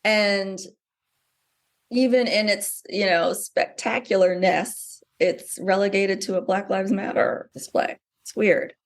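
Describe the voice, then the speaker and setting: A woman's voice: medium pitch, steady tone, takes it slowly. A middle-aged woman, a novelist being interviewed, talking animatedly with many fillers and restarts. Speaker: novelist guest. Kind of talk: conversational interview.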